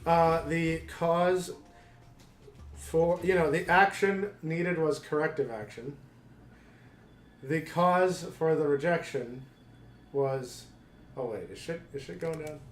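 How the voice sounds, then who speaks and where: A man doing hesitant, halting commentary while playing a video game. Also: a little high, echoey room, a little hiss or hum. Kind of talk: let's play commentary.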